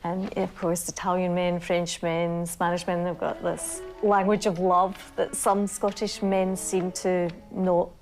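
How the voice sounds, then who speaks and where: A woman's voice: on the low side, little pitch movement, a little slow, few pauses, a little mellow, faint music behind. A woman in an interview, speaking thoughtfully and fondly. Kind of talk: reflective interview talk.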